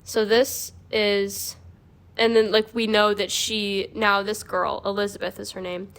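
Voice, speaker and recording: This young woman, a podcast host, talks casually and meanderingly, dropping "like" again and again as she explains. Her mid-range voice is level, unhurried, and a bit bright.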